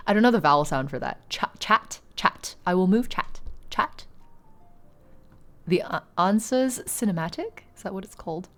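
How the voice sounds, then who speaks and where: A woman's voice: on the low side, animated, normal speed, a bit bright. A woman live streamer chatting casually and rambling, laughing often and poking fun at herself.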